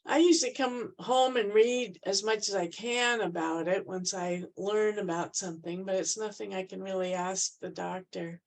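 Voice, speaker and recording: A woman's voice: medium pitch, moderate pace, gravelly, hardly any pauses, poor audio. A woman taking part in a live Q&A over a video call, speaking frankly and a little wearily. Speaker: program participant asking questions. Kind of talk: casual talk in a Q&A.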